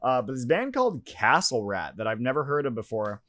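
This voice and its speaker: A man's voice: medium pitch, sing-song, brisk, a crowd in the background. A man co-hosting a podcast in casual chat, laid-back, swearing freely and laughing often. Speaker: podcast co-host.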